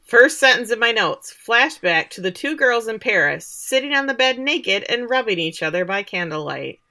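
A young adult woman co-hosting a podcast, recapping a show in a casual, sarcastic chat full of quick asides. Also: a little high, expressive, bright, forceful tone.

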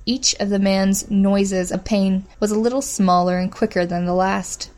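Female audiobook narrator, mid pitch, steady measured delivery for story narration. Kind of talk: scripted narration.

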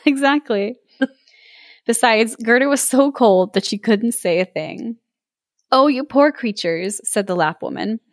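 A woman's voice: on the high side, expressive, measured pace, dry recording. Woman reading a fairy tale playfully, dry sound. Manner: reads with playful voices and laughs. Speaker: podcast co-host reading aloud. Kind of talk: storybook read-aloud with chat.

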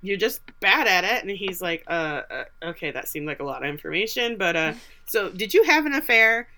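A woman's voice: medium pitch, sing-song, moderate pace, bright, forceful tone. A woman co-hosting a podcast, recapping a TV episode in casual chat and acting out the characters' lines. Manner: chatty, acts out quotes from the show. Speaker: podcast co-host.

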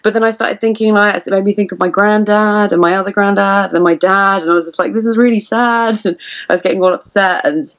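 Lively young woman, muffled audio. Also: medium pitch, brisk. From United Kingdom. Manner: chatty and emotional, laughs often. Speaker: podcast guest. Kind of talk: casual interview chat.

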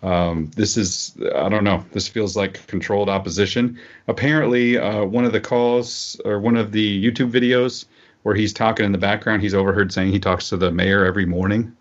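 A podcast co-host with a lowish, steady voice talks at a moderate pace on a casual political show, rambling with frequent fillers and restarts. The audio is dull and lo-fi.

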